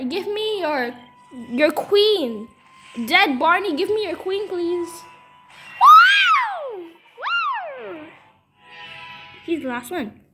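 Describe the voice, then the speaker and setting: High, lively squealing teen girl gamer. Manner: squealing, pleading and groaning over game pulls. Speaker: gaming video creator. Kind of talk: excited gacha-pull commentary.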